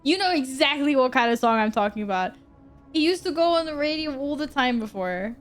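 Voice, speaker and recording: A woman's voice: sits high, animated, brisk, faint music behind. A woman streamer chatting casually and giggling with her chat as she plays. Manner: bubbly, giggly, talks to chat. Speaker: game streamer.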